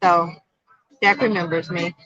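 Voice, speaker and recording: Chatty middle-aged woman, bright voice. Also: fairly low pitch, fairly even intonation, measured pace, dry recording. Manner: chatty, laughs often. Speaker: vlog co-host. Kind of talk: casual livestream chat. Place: outdoor patio at a bar. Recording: dull lo-fi phone stream.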